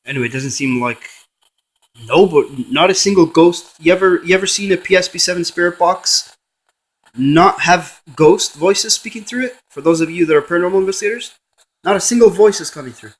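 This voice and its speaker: A man's voice: high voice, brisk, a bit bright, rough recording. A man, a paranormal investigator, running a spirit box session and coaxingly calling a spirit by name.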